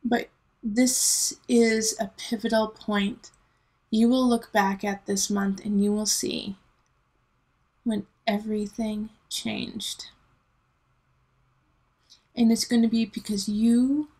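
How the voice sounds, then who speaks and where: A woman's voice: medium pitch, level tone, slow, pauses often, darkish tone, low-quality recording. A woman in her thirties giving a casual monthly tarot reading, chatty and emotional, talking straight to her viewers. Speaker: tarot reader.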